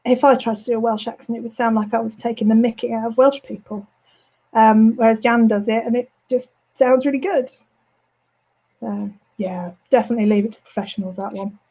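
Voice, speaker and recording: A woman with a mild Birmingham accent and flat vowels talks through an interview in a relaxed, chatty way, full of ums and restarts. Her voice sits a little high but sounds mellow and soft-edged. By now it is going slightly hoarse. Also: fairly quick, rough recording. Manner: chatty, frequent ums and self-corrections. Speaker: author. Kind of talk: casual interview chat. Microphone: home studio setup.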